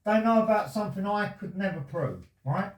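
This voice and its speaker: A man's voice: high-pitched, expressive, a little fast. A man making a complaint to the police, talking in a rambling, insistent, agitated way. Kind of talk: conversation with police. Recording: roomy, from far off the mic.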